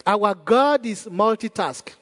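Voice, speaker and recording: A man's voice: high-pitched, lively intonation, slow pace, a bit bright. A male pastor preaching a sermon in a church hall, emphatic and repeating his key phrases. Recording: long church hall reverb.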